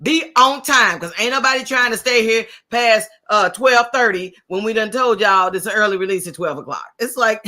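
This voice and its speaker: Bright-voiced woman in casual chat. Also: a little high, normal speed. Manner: laughing, incredulous banter. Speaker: podcast guest, brand coach.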